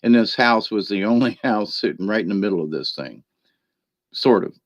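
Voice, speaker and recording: A man telling a rambling personal story in a chatty way, laughing often and filling pauses with ums and restarts. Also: lowish voice, animated, no echo. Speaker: spiritual card reader. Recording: dry, dull lo-fi sound.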